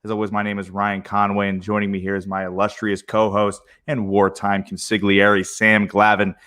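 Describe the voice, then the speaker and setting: A man's voice: fairly low pitch, monotone, normal speed, a bit bright. A man hosting a casual sports podcast in an upbeat, chatty way. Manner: upbeat, chatty, hums a jingle. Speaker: podcast host.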